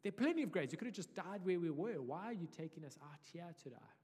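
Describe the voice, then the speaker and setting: Bitter, sarcastic grumbling from wandering Israelites, as a man acts them out, pitched up and loud. The voice echoes through a large hall. The tone stays biting and complaining throughout. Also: sing-song, quick pace, breathy edge, heavily acted.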